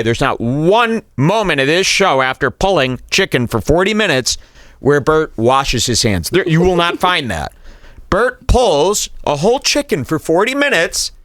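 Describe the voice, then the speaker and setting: Ranting man with a lively voice. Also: mid-range voice, no room sound, clean studio sound. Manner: incredulous, ranting, mock-quoting others. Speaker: show host reacting to a clip. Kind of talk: mocking commentary over a video.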